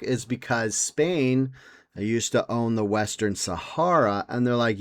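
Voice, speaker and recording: A man's voice: mid-range voice, a little slow, clean tone. A young man hosting a podcast in casual chat, rambling and sarcastic, swearing and mimicking people in silly voices. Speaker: podcast host.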